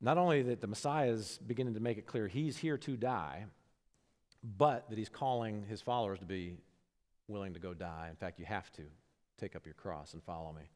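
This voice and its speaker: A man preaching a sermon as pastor, talking conversationally and swinging between hushed, low moments and lively, animated bursts. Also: a little fast. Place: church sanctuary. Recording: long hall reverb.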